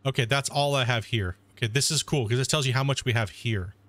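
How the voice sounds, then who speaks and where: A man's voice: mid-range voice, a little fast, a bit bright, no room sound. Laid-back man rambling over a game. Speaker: gaming streamer. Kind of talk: casual stream commentary.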